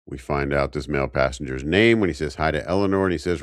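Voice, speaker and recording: Deep-voiced man recapping a TV episode. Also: a little fast, no echo, studio quality. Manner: rambling recap with jokey asides. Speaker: podcast co-host recapping episodes. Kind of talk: casual chat.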